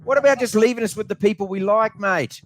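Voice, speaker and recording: A man's voice: sits high, fast talker, fairly bright tone. A man with a New Zealand accent hosting casual sports chat on the radio, blokey and joking, calling his guest mate. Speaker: radio host.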